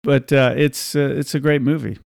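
A podcast host chatting casually and eagerly about his favorite film, laughing as he retells the scenes. His voice has a gravelly edge, and the recording is dry and close. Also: medium pitch, fairly even intonation, moderate pace, darkish tone, dry recording. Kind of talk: casual chat.

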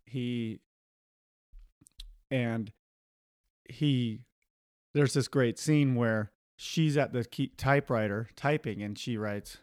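Man, casual film chat, animated retelling, acted quotes, dry close mic. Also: medium pitch, no room sound. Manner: retells scenes with bursts of laughter and quick acted quotes. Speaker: podcast co-host.

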